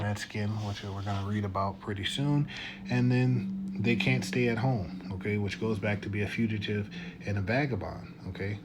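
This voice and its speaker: A man with a fairly low voice teaches from scripture and reads passages in older biblical wording. He keeps pausing on "okay?" and "all right?" as he goes. A faint hiss of noise runs under the recording. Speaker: religious teacher.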